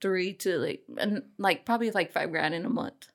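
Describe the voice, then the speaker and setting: A woman's voice: on the low side, normal speed, creaky. A young woman hosting a casual podcast chat, candid, swearing freely and laughing often. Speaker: podcast host.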